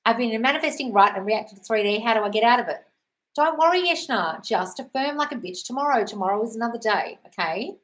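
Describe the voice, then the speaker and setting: A woman answering chat questions on a casual live stream, blunt and sweary, calling viewers darling. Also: a little high.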